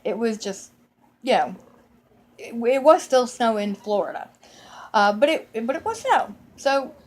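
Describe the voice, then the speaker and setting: A woman telling a whimsical childhood holiday memory in a lively, playful way, with self-corrections along the way. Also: a little high, a little slow. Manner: animated and whimsical, with playful acted-out quotes and frequent self-corrections. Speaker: storyteller. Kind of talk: personal storytelling, holiday memory.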